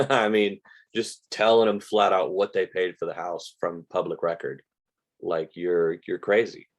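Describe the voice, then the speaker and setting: His voice sits low and steady, and he speaks at a measured pace. An older American, he teaches real estate investing over a casual live stream, chatting through stories, quoting sellers, and saying "like" frequently.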